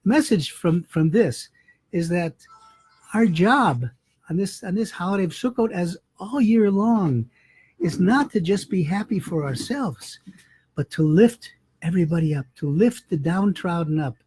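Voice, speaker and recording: A man's voice: high voice, lively intonation, measured pace, a little mellow, slightly rough. A man, a rabbi, telling a holiday story in a folksy, conversational sermon.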